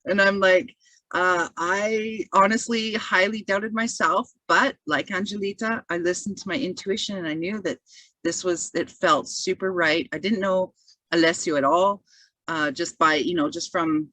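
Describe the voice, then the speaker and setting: A woman's voice: fairly low pitch, fairly even intonation, a little slow, bright, forceful tone, dry recording. A Canadian woman sharing a heartfelt personal testimonial on a video call, rambling with many restarts. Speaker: community member giving testimonial.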